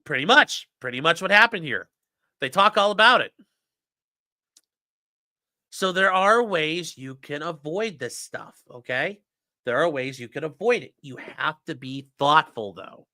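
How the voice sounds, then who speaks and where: A man's voice: a little high, lively intonation, measured pace, pushed and bright, dry recording, studio quality. A man hosting a casual livestream, ranting sarcastically and with profanity while reading out and mocking legal filings. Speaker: host.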